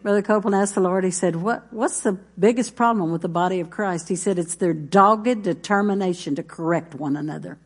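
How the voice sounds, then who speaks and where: A woman's voice: on the low side, a little fast, few pauses, slightly rough. A middle-aged woman pastor, preaching a folksy sermon full of stories. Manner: folksy, storytelling, with congregation responses.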